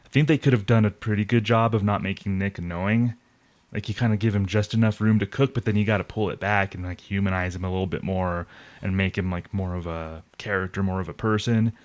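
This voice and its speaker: Man, lower voice, casual podcast chat, relaxed, enthusiastic. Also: brisk. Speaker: podcast co-host.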